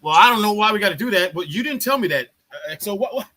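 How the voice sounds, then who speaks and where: A man's voice: high voice, fast talker, a little hiss or hum. A man, an army veteran, telling a story in a casual live chat. He swears freely and acts out what others said. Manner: profane, animated, acts out other people's lines.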